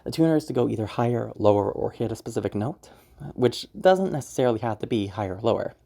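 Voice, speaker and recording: A woman's voice: rumbling low, lively intonation, fast talker, creaky, dark tone. A woman explaining voice acting technique in a casual, rambling tutorial, often repeating herself as she goes. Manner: chatty, explanatory, rambling with many "again"s. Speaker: voice acting teacher.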